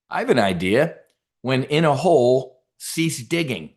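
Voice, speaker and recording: A middle-aged man hosting a trading show, telling stories in a rambling, animated way with many fillers. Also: medium pitch, normal speed. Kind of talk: casual livestream talk.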